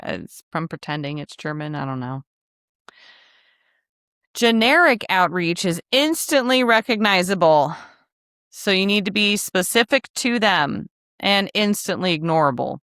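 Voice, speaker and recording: Chatty woman podcast host, smooth voice. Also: lowish voice, expressive, unhurried, fairly bright tone, no room sound, clean studio sound. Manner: chatty, joking asides, frank. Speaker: podcast host, travel agency coach. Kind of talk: casual teaching podcast.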